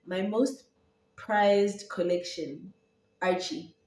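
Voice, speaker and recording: A woman's voice: medium pitch, fairly even intonation, very slow, a little mellow. Young Zambian woman, Setswana twang, rambling casual vlog chat, roomy and off-mic. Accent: Setswana-tinged English. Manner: chatty, rambling, many fillers and restarts. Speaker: YouTuber and podcaster. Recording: roomy echo, voice from a distance.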